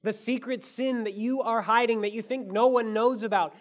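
High-voiced earnest male preacher. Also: steady tone, moderate pace. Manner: earnest preaching, swings between soft and emphatic; asks the audience many questions. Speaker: pastor. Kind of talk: sermon.

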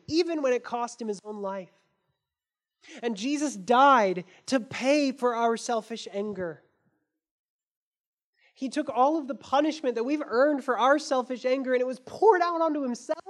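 A woman pastor giving a sermon in an earnest, conversational way, with casual fillers. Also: high voice.

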